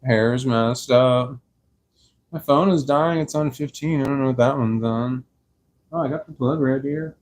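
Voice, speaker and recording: A young man rambling slowly on a live stream from his sofa, tired and a little slurred, laughing often. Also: medium pitch, a little mellow. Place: dark room on a sofa at home. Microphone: clip-on microphone.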